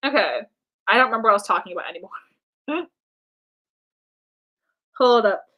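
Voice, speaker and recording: In a muffled recording, a young woman from the United States talks while drawing on stream, her slightly high voice animated and moderately paced. She rambles, teases herself, says um a lot, and lets her thoughts drift off unfinished.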